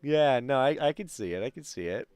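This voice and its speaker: A man's voice: mid-range voice, animated, a little fast, darkish tone, clear, resonant tone, no echo. A man hosting a casual chat show, talking chattily with many fillers and frequent laughs. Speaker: host.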